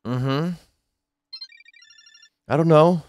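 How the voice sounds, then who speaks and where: A man's voice: fairly high pitch, drawn-out words, darkish tone. A young man streaming a horror game, talking nervously with jumpy, self-mocking remarks. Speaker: gaming streamer. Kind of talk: horror game let's play commentary.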